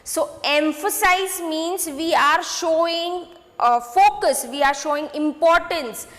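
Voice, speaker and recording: A woman teaching a grade six grammar lesson, repeating points slowly and checking in with students. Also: extremely high pitch, fairly bright tone, big-room sound. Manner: slow, repetitive, addresses students with "okay?" checks.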